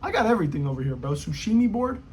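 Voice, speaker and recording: A young man with a husky, rather high voice rambles through a profane football rant. His slangy talk swings up and down in pitch as he goes. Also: very animated, rapid-fire, darkish tone. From United States. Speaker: football vlogger. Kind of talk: casual rant to camera.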